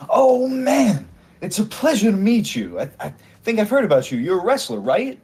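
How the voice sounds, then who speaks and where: A man voicing a drunk, excited tavern friend who gushes at newcomers. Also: fairly high pitch, normal speed, husky, pitched above the performer's own voice, exaggerated voice. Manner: slurring, enthusiastic.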